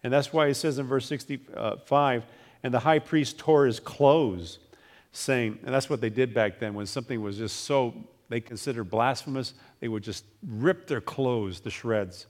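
A man preaching a sermon, reading scripture aloud and acting out the people in it with lively shifts of voice. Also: medium pitch, normal speed. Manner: animated, acts out voices in scripture retelling.

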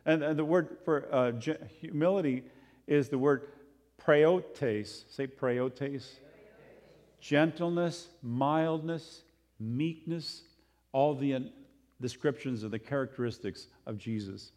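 A man preaching a sermon in a conversational, animated way, with sudden jumps in loudness and pitch. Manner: conversational, animated, acts out quotes in other voices.

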